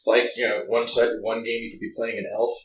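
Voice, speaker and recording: A man's voice: medium pitch, level tone, a little fast, distant mic, slight background noise. A man chatting casually about tabletop games, blunt and opinionated. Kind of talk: casual podcast chat. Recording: roomy echo, from the mic.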